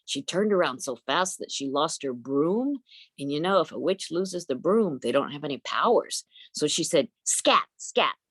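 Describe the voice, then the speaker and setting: Low-voiced woman telling a folk tale. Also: animated, moderate pace, breathy edge, no echo. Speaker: storyteller. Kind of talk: oral storytelling. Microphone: video call.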